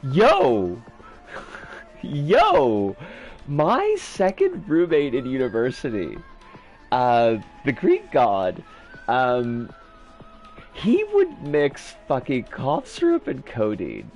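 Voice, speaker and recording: A man's voice: mid-range voice, huge pitch swings, slow pace, darkish tone, lo-fi sound, faint music behind. A man chatting casually during a live game stream, loose and profane, often restarting his sentences.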